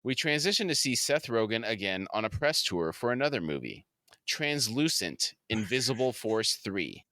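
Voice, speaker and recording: Bright-voiced man recapping on a podcast. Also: lowish voice, very animated, normal speed, dry recording. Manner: recaps episode scenes in detail, laughs easily. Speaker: podcast co-host. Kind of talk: casual podcast recap chat.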